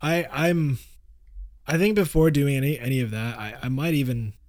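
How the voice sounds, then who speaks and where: A man co-hosting a casual podcast chat, relaxed and laughing often, with halting restarts. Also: medium pitch. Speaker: podcast co-host.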